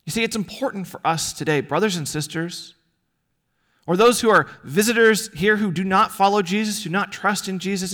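A male pastor delivering a sermon in a fairly high, very animated voice that rises and falls widely. He preaches earnestly, leaning on rhetorical questions and pauses. His delivery swings between quiet emphasis and bright emphatic peaks.

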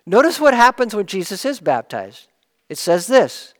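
A man with a high voice preaches a sermon, explaining each point in earnest, pushing up for emphasis and sinking low as he closes it. His voice rings with a long reverb, as in a large hall. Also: wildly swooping pitch, moderate pace.

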